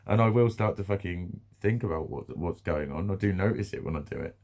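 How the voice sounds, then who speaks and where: A man's voice: sits low, expressive, a little fast, creaky, a little mellow. A British man ranting bluntly in a casual vlog monologue, swearing freely, repeating himself and laughing now and then. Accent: British English. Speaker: vlogger.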